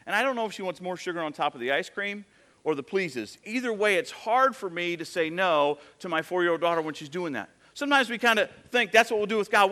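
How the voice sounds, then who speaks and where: Bright, high-voiced male pastor. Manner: conversational storytelling with acted quotes. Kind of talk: sermon.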